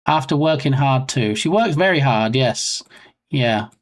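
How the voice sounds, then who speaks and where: A man's voice: medium pitch, animated, a little slow. A man chatting casually on a live game development stream, rambling and self-mocking.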